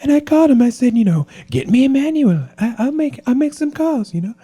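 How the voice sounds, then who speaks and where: A man doing a quick impression of a politician's whispery power move. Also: very high voice, big pitch swings, warm tone, breathy edge, pitched above the performer's own voice, heavily acted. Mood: mock whisper.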